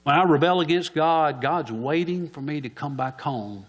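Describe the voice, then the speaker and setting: A man's voice: on the high side, moderate pace, highs cut off. A man preaching a sermon in church, asking the congregation questions and answering them himself.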